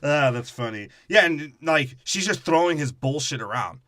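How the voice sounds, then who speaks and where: Bright crude-joking podcast guy. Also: fairly high pitch, lively intonation, normal speed, no echo, studio quality. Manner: riffs with put-on character voices. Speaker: podcast co-host. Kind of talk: crude comedic movie recap.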